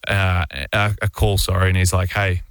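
A man's voice: low voice, little pitch movement, normal speed, fairly bright tone, clean tone, dry recording. An Australian man in his thirties, a radio interview guest, telling a long casual anecdote with many fillers and restarts. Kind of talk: casual storytelling.

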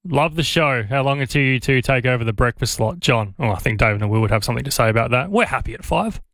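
A man with an Australian accent co-hosting a radio show and reading out listener texts in a steady way. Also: mid-range voice, fast, no echo. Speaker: radio co-host. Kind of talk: casual radio chat. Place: radio studio. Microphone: studio mic.

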